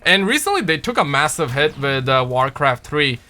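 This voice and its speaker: A young man chatting casually on a livestream, reading out viewers' names and talking games in slangy, animated bursts. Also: on the high side, moderate pace. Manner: slangy, animated, reads chat aloud. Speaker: streamer.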